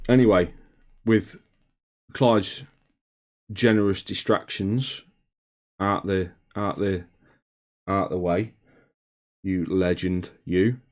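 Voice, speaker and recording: Chatty man, lowish voice. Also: steady tone, takes it slowly, long pauses. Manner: chatty, swears casually, calls viewers mate. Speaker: streamer reading chat. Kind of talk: casual live-stream chat. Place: home hobby room.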